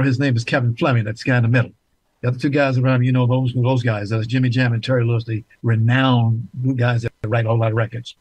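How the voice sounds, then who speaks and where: A man's voice: medium pitch, breathy edge, no echo, low-quality recording. A man hosting a talk show, speaking emphatically and repeating key points for viewers.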